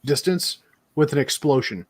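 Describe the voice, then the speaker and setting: A man's voice: mid-range voice, animated, normal speed. A man co-hosting a casual podcast, cracking jokes and playing with words.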